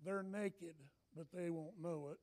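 A man's voice: high-pitched, fairly even intonation, unhurried, a little mellow. A man voicing God as a loving, all-powerful old male creator, musing grandly as he plans the world. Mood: tender.

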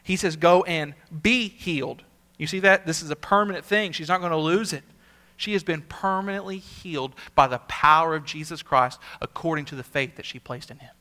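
A senior pastor with a slightly high voice preaches a sermon at a moderate pace. He's earnest, repeats words for emphasis, and shifts between emphatic peaks and quiet asides.

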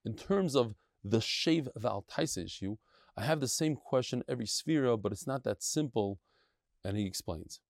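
A man giving a lively, chatty Talmud lesson, mixing Yiddish and Hebrew terms. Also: mid-range voice, normal speed, no room sound, clean studio sound. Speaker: Talmud teacher giving a daily daf shiur.

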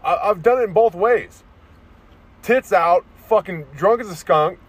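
A man ranting straight to camera, swearing freely and rambling from one grievance to the next. His voice sits a little high for a man, and he keeps tripping over restarts. It sounds like a loose vlog recorded in a vehicle. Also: a little slow, husky, no room sound. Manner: profane, rambling, restarts often. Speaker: vlogger. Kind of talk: casual ranting monologue.

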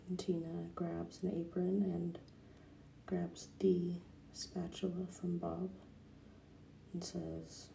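A soft-spoken woman retelling a cartoon episode, at times dropping into a whisper. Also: lowish voice, little pitch movement, takes it slowly, gravelly, pauses often, roomy sound, a little hiss or hum, poor audio. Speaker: narrator.

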